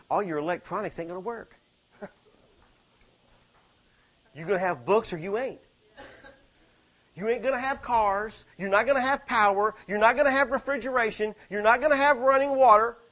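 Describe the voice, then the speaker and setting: A man preaching a sermon, swinging from low, quiet asides to fervent exhortation full of rhetorical questions. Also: fairly quick, few pauses.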